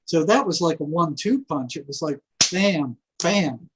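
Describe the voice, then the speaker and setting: An older man telling a long story in a rambling, animated way, full of fillers and asides. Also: fairly high pitch, normal speed, breathy edge, poor audio. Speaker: guest, former prison psychology worker. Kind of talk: casual storytelling interview.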